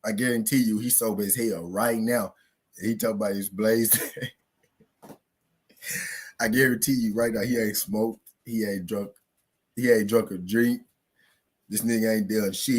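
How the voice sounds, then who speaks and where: A man hosting a live boxing talk stream, hyping the day with loud slangy, profane banter and chanting along with his chat. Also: lowish voice, husky. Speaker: host.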